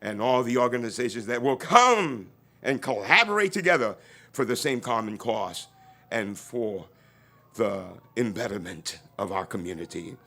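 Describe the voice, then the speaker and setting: A man's voice: mid-range voice, lively intonation, moderate pace. A man giving an invocation at an outdoor event, praying fervently and leading the crowd in call-and-response lines. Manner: fervent, rising to near-shouts, leads crowd responses.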